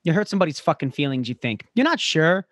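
Higher-voiced man hosting a podcast chat. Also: big pitch swings, fast talker, fairly bright tone, no echo, studio quality. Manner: probing, rambling, profane. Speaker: podcast host. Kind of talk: casual chat.

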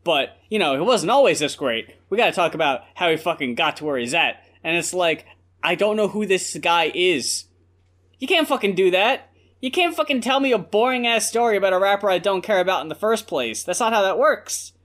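A man with a high, animated voice co-hosting a music review podcast. He rants bluntly and swears freely while picking apart an album. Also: fairly quick. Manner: blunt, profane ranting. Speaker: podcast co-host. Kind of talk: casual album review chat.

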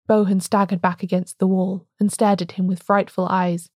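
A woman hosting a podcast, reading a classic detective story aloud in a measured, unhurried storytelling manner. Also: mid-range voice, flat delivery, a little mellow, dry recording, clean studio sound. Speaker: podcast host and narrator.

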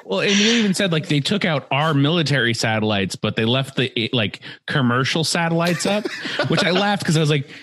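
A man's voice: on the high side, very animated, brisk, a bit bright, slight background noise. A man co-hosting a casual movie-review chat, making sardonic, mocking jokes. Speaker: podcast co-host.

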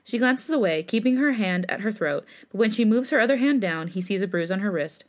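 A woman podcast host reading fan fiction aloud in steady third-person narration, with laughing asides. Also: medium pitch, fairly quick.

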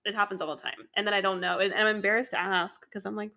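A woman's voice: mid-range voice, fairly even intonation, fast talker, creaky, sharp tone. A young woman co-hosting a casual chat, frank and chatty, laughing often and quoting herself. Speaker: co-host.

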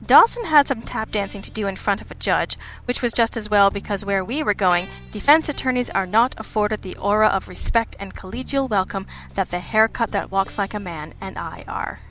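A woman's voice: mid-range voice, normal speed, few pauses, fairly bright tone, faint music behind. A woman narrating a detective story in first person, with a wry, arch hardboiled tone. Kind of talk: scripted audiobook narration.

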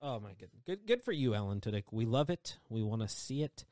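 Man, podcast host, quick, excitable, laughs a lot, dry close mic. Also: lowish voice, no echo. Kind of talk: casual chat about entertainment news.

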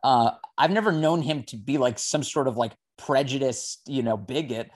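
A man's voice: medium pitch, normal speed. A man hosting a casual conversation, talking freely with many "like" and "um" fillers.

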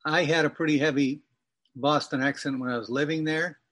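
A man's voice: a little high, fairly even intonation, brisk, a bit bright. A man in his fifties from Massachusetts, a writer telling a rambling, wry personal story as an interview guest. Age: 50s. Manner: wry, digressive, self-correcting storyteller.

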